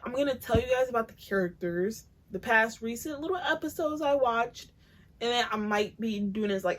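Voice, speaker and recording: A woman's voice: fairly high pitch, low-quality recording. A young woman hosting her own podcast, chatting casually and bluntly about celebrity gossip with plenty of swearing. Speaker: podcast host. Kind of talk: casual solo podcast chat.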